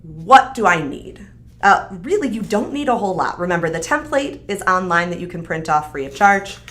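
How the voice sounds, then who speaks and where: A woman's voice: lowish voice, lively intonation, a little fast, a bit bright. A woman hosting a live stream, chatting upbeat and casually as she demonstrates a craft kit. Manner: upbeat, chatty, frequent fillers. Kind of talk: casual product demo.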